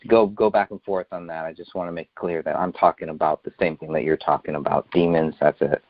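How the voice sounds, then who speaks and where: A man hosting a casual conversation, halting and repeating words as he thinks aloud. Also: very deep voice, fairly even intonation, dry recording. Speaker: host. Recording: dry, dull lo-fi audio.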